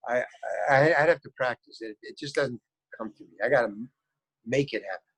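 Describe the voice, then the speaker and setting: A man's voice: mid-range voice, brisk, fairly bright tone, husky, no room sound, poor audio. An older man, an actor, telling rambling anecdotes in a casual interview. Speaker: actor guest.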